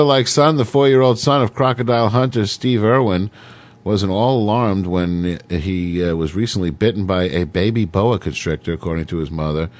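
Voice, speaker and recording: A man hosting a radio show, rambling irreverently and reading news items with sarcastic, crude asides. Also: on the low side. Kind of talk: casual talk radio monologue.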